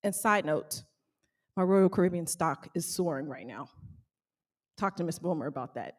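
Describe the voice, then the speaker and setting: A woman who owns a small bakery gives a motivational talk to a live audience, animated and calling out questions to the crowd. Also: lowish voice, moderate pace. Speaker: small bakery owner speaking to fellow business owners.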